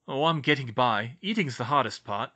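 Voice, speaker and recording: A man's voice: mid-range voice, expressive, normal speed, bright, forceful tone. A man voicing a weary, injured but friendly young man in an audiobook reading.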